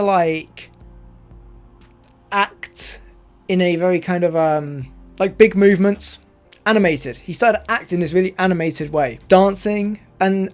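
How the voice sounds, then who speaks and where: A man telling a personal story in a casual, rambling way, full of fillers. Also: a little high.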